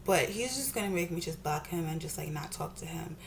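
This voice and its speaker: A young woman with a deep, animated voice talks briskly, with a little hiss or hum on the audio. She is a beauty vlogger doing her makeup at home, ranting hotly, cursing, and often saying the same things again.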